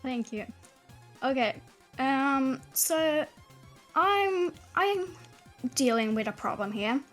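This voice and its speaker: A woman's voice: high voice, expressive, slow pace, faint music behind. A young woman calling in, talking hesitantly with many fillers. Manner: hesitant, lots of fillers and laughs. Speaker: caller. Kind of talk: casual chat.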